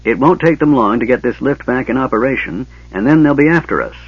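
A man's voice: medium pitch, animated, brisk, breathy edge, no echo, lo-fi sound, pitched above the performer's own voice. A man voicing a stern male knight who speaks firmly and urgently. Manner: firm, urgent.

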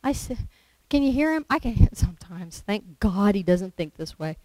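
Woman lay preacher, mid pitch, conversational sermon delivery, dry recording. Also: expressive, normal speed, hardly any pauses, mellow, no echo, rough recording. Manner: conversational, with rhetorical questions and acted quotes.

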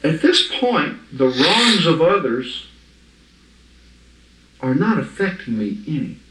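With background noise behind him, a man speaks slowly in a fairly high, sing-song voice. He's teaching the Bible informally to a small group, in an emphatic, conversational manner, often checking understanding. The mic is far away in an echoey room.

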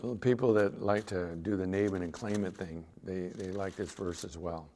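A man's voice: low voice, moderate pace, darkish tone, a little hiss or hum. A man preaching as pastor, reading scripture aloud with rising emphasis and acting out little voices. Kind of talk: sermon.

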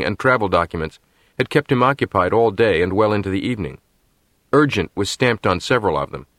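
A man narrating an audiobook in a measured, steady storytelling manner. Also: on the low side, no echo, studio quality. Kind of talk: scripted narration.

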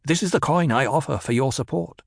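A man plays an imperious young duke heir who talks down to his elders in a forceful, cold voice. The audiobook sound is dry and close, with no room around it. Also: fairly high pitch, fairly quick, vocal fry, no room sound, pitched above the performer's own voice. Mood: commanding.

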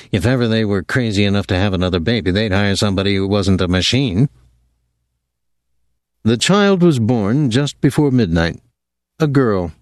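Low-voiced guy reading a novel, lots of up and down, close dry mic. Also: a little mellow, no echo. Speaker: audiobook narrator. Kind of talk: scripted narration.

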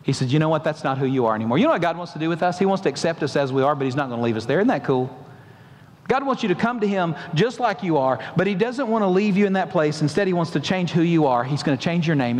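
A man's voice: a little high, quick pace. Preaching man in a reverberant sanctuary. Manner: animated preaching, rising emphatic questions to the congregation. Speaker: pastor. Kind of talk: sermon. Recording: long hall reverb.

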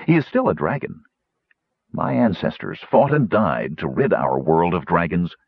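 A stern knight bound by honor weighs every word slowly, as a man reads him out. The voice sits low and husky, with wide swings in pitch. The recording is dry and dull. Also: lively intonation, no room sound, heavily acted. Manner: stern, measured.

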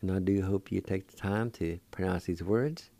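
A patient middle-aged radio teacher walks listeners through words at a slow pace, spelling and pronouncing them and repeating each with care. His low voice is warm, and there's no echo.

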